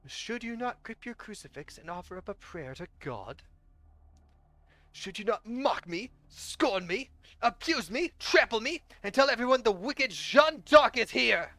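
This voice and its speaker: A cruel, vengeful witch queen who mocks and commands in slow, drawn-out words, as a streamer voices her. The voice rises to gloating heights and then drops to a menacing hush. Soft music plays beneath the reading. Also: medium pitch, heavily acted. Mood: taunting. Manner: slow, taunting and theatrical, dropping to a menacing hush. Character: cruel vengeful mocking young witch woman. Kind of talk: live-streamed game story reading.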